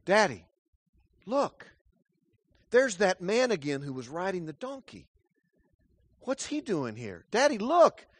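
Brief: a curious child, high and questioning, voiced by a male preacher. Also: big pitch swings, takes it slowly, pauses often, no echo, heavily acted. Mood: wide-eyed. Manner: eager questioning, rising pitch. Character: curious young child, wide-eyed and puzzled.

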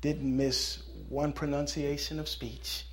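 Preacher telling a sermon joke. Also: male voice, a little high, slow. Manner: animated storytelling, then soft and earnest. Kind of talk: sermon with a humorous story.

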